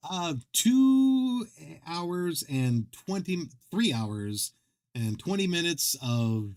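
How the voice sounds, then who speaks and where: A man's voice: a little high, big pitch swings, drawn-out words, darkish tone, smooth. Male streamer host; rambling, jokey, self-mocking casual chat. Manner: rambling, self-deprecating, joking, many restarts.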